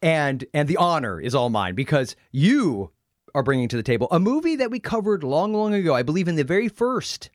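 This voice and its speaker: A man's voice: on the high side, very animated, brisk, dry recording, clean studio sound. An American man hosting a podcast in casual chat, joking and laughing often. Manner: jokey, laughs often, bursts into silly voices. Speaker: podcast host.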